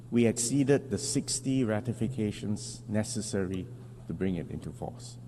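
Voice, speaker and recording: A man, a foreign minister, delivers a formal speech at an international assembly in a measured, deliberate way, pausing for emphasis and correcting small slips. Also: mid-range voice, warm tone. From Singapore. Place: large assembly hall. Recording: long hall reverb with faint hum.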